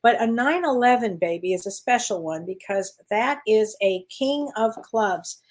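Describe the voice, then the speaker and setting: A woman's voice: mid-range voice, expressive, a little slow. A woman working as a spiritual medium, giving card readings in casual, affectionate chat and calling listeners honey.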